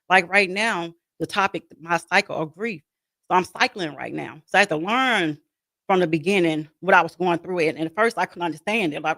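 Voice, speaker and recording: A woman's voice: lowish voice, a little fast, fairly bright tone, no room sound. A woman speaking as a guest in an interview about her life as a grieving mother, talking earnestly and repeating herself as she voices her own inner dialogue. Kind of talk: interview conversation.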